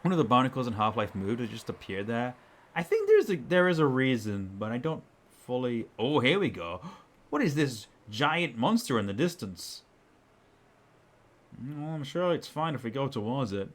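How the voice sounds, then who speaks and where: Chatty man with a lively, swooping voice. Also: mid-range voice, moderate pace. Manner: chatty, rambling asides with fillers. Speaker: let's play host. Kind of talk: casual game commentary.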